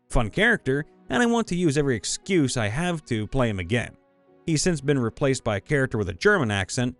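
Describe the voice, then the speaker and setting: Guy reading out viewer stories, bouncy lively delivery, soft music under him. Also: mid-range voice. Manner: lively reading, dips into put-on voices. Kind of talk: scripted narration. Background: faint background music.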